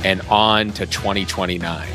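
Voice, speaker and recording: A low-pitched man hosts a podcast, working through his points with earnest repeated restarts. Guitar music plays clearly underneath his voice. He sounds sincere and conversational. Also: steady tone, moderate pace. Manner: earnest, repeats words when thinking. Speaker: podcast host. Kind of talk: podcast interview and ad read.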